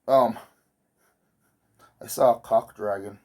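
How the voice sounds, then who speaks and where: A man's voice: fairly low pitch, steady tone, takes it slowly, warm tone. A man vlogging while he sews, telling a meandering story in an offhand way and swearing casually.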